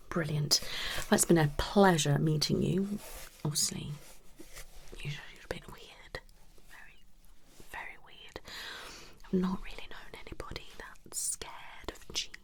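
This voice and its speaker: A woman acting a blunt, dismissive psychologist in a whispered role-play, talking in a soft, breathy, rambling way. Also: low-pitched, a little hiss or hum, heavily acted. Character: blunt unprofessional female psychologist. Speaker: ASMR creator.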